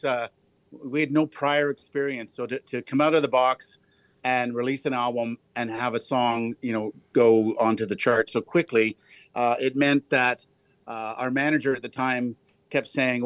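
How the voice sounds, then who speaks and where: A man's voice: mid-range voice, steady tone, no echo. A middle-aged man with an Ontario accent, a guest musician telling stories in an interview. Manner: chatty, fast storytelling with restarts.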